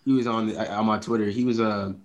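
A man's voice: on the low side, fairly even intonation, fast talker. A man speaking in a casual, heated podcast chat, profane and rambling with lots of fillers. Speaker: podcast co-host.

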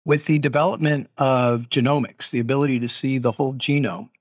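A middle-aged man, an archaeologist, answering interview questions in a measured, explanatory way with hedging asides. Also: mid-range voice, fairly even intonation, slightly rough, dry recording, clean studio sound. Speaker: archaeologist guest.

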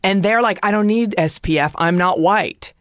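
A woman's voice: medium pitch, moderate pace, a bit bright, no echo, studio quality. A woman hosting a casual chat, brash and jokey, swearing freely. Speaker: podcast host.

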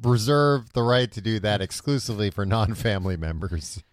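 Male co-host; dry wisecracker, lowish voice, no room echo. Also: normal speed. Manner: wisecracking, deadpan interjections. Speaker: podcast co-host. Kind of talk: casual chat.

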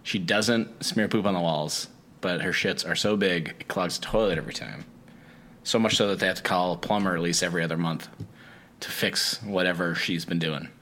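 Deep-voiced male comic co-host, rambling, giggly. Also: fairly quick, a bit bright, a little hiss or hum. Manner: laughing, rambling storyteller. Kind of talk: casual comedic chat.

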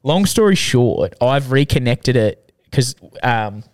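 A young Australian man co-hosting a casual podcast, telling a lively anecdote with plenty of swearing and acted-out quotes. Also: mid-range voice, slow. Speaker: podcast co-host. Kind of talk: casual storytelling chat.

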